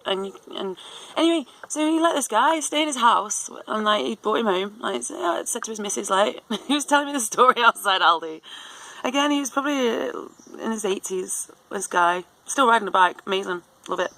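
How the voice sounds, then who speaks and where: A woman's voice: fairly high pitch, expressive, a little fast, creaky, sharp tone, no room sound, poor audio. A woman in her thirties telling a long story in a rambling, casual way, full of fillers and restarts. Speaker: vlogger.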